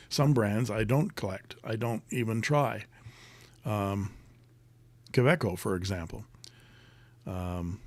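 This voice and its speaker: A man with a lowish voice hosts a casual live stream, reading viewer comments and rambling through answers with plenty of ums and uhs. The sound is dry and close, with no room echo. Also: vocal fry, darkish tone. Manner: chatty, rambling, many fillers, reads comments aloud.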